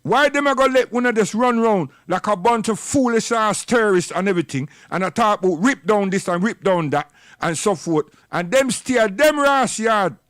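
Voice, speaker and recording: A man's voice: high-pitched, lively intonation, normal speed, fairly bright tone, no echo, studio quality. A man giving a rambling, scolding, impassioned livestream monologue. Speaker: livestream commentator.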